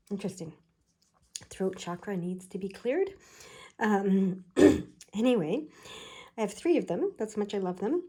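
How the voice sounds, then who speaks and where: Mellow low-voiced woman reading tarot cards. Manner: chatty, digressive, frequent fillers. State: irritated throat, keeps clearing it. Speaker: tarot card reader. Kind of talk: casual pick-a-pile card reading.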